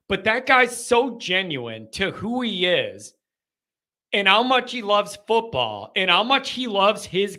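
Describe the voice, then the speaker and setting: A man hosting a live call-in chat, talking in an animated, joking, ranting way. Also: high-pitched. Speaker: host.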